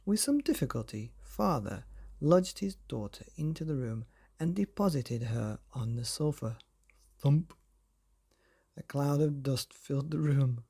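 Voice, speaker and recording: A man reads a bedtime story aloud in a cosy, theatrical way. His voice is husky and mellow, with a gravelly rasp. He takes his time over every line. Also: medium pitch, lively intonation, unhurried. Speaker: bedtime story narrator and host.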